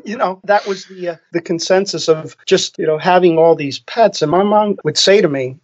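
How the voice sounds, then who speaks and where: A man's voice: sits high, normal speed. A middle-aged man from New Jersey, a dog groomer chatting casually on a podcast and telling stories about his childhood. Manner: storytelling, laughs while talking. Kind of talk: casual chat. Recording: dull lo-fi sound.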